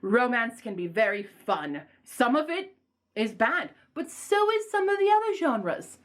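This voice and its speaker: A young woman talks casually to her camera about books, animated and rambling, poking fun at herself as she goes. Her voice sits slightly high. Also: measured pace. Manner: animated, rambling, self-mocking. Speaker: book vlogger.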